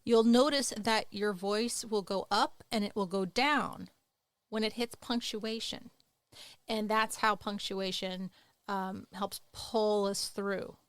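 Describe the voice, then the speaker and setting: A woman's voice: mid-range voice, slow pace, clean tone, no room sound. A woman co-hosting a writing podcast, talking casually with playful, teacherly asides. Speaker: podcast co-host.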